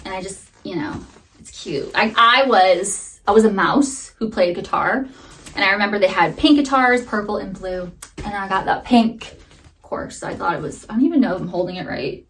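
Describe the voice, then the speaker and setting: A woman's voice: medium pitch, normal speed, a bit bright. A young woman vlogger telling a story to camera in a bubbly, chatty way, full of fillers. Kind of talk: casual chat to camera.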